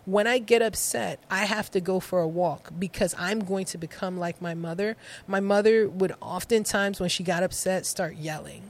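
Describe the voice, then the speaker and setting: A woman's voice: medium pitch, normal speed, hardly any pauses. A middle-aged woman from New York, a podcast guest telling personal stories with frequent laughter. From New York, United States. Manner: animated storyteller, laughs often. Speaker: guest, poet and author. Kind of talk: casual conversation.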